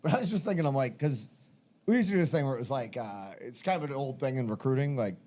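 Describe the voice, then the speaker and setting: A man's voice: medium pitch, lively intonation, quick pace, dark tone. Rambling, foul-mouthed podcast host, a man. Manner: loose, rambling, profane. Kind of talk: casual chat.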